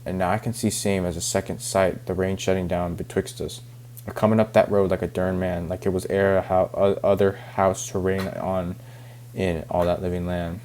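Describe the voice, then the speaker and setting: A man reading aloud as a self-pitying older backwoods farmer, halting over the rural dialect. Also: low-pitched, little pitch movement, a little mellow, slight background noise, natural voice.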